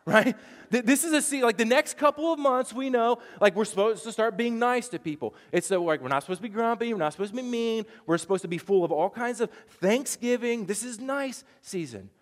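A man's voice: very high-pitched, big-room sound. A man preaching a sermon as pastor, telling a chatty story with frequent stammered restarts.

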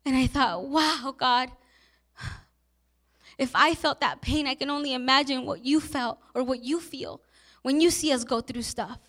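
A woman's voice: high voice, moderate pace, a bit bright. A young adult woman pastor preaching a sermon, telling personal stories in an earnest, emotional way.

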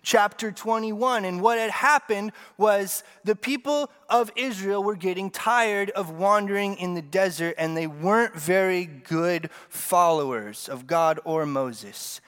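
A man preaching a sermon in a relaxed, conversational way, with joking asides to the congregation. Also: high-pitched, measured pace, few pauses, big-room sound.

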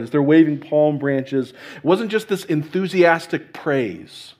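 A man's voice: a little high, measured pace, a little mellow. A man preaching a sermon in a conversational way, often restarting phrases and checking in with "right?". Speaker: pastor.

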